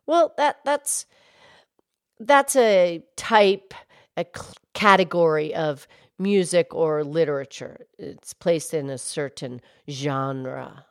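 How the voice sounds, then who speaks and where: A lowish, unhurried voice belongs to a wise, patient cartoon cow, played by a woman. She explains things slowly and gently, like a teacher, on a playful kids' podcast. The sound is close and dry, with no room around it. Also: clean tone, no echo. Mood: explaining. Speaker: podcast co-host.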